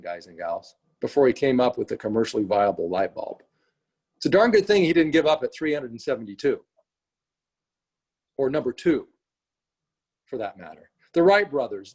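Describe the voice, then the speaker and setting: A middle-aged man with a fairly high voice tells a story to his team in an earnest, animated way. He checks in with his listeners often and builds toward a lesson about not giving up. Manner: earnest, animated storytelling with frequent "you know" and "right?". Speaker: speaker at a morning team meeting. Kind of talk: storytelling motivational talk.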